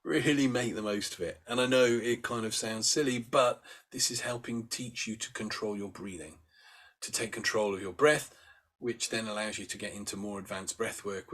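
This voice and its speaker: A man leading a meditation lesson, talking gently and unhurriedly as he walks listeners through sighing and yawning exercises. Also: on the low side. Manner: gentle, unhurried, with demonstrated sighs and yawns. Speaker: meditation teacher. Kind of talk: guided breathing instruction.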